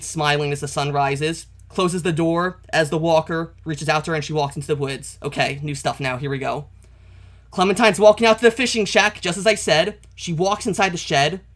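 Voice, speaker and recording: This is a man hosting a comic reaction video, his voice sitting a little high for a man. He narrates the panels step by step and often stops to correct himself. Now and then he breaks off to say how much he dislikes where the story is going. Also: moderate pace, fairly bright tone. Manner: openly dismayed commentary. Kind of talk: reading a comic aloud and reacting.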